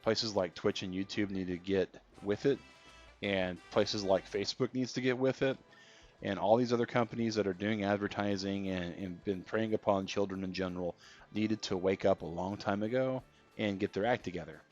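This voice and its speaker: A man's voice: on the low side, steady tone, moderate pace, darkish tone. A man streaming a game, chatting casually and reading out viewer comments. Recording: dull lo-fi stream audio with faint music.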